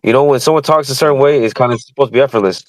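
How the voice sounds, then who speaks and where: A man's voice: mid-range voice, dry recording, rough recording. A man on a boxing podcast panel, talking casually with lots of slang. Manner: fast, slangy, ends phrases with "bro" and "dude".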